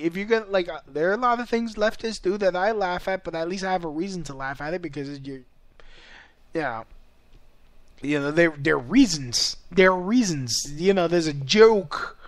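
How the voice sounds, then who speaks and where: A man's voice: sits high, unhurried, pauses often, no echo. A young man ranting in a casual vlog, rambling and profane and breaking into laughter often. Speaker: vlogger.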